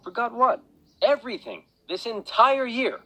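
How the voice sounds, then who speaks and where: A man's voice: very high-pitched, animated, moderate pace, bright, forceful tone, pitched above the performer's own voice, exaggerated voice. A man voicing an adult woman who is scolding her husband in a huffy, accusing tone, on a dull lo-fi recording. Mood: sulky.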